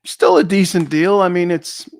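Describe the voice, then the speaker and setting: Male co-host, joking and casual, a little higher-pitched. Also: very animated, moderate pace, darkish tone. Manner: joking, chatty, laughs often. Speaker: co-host of a precious metals livestream. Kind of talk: casual chat.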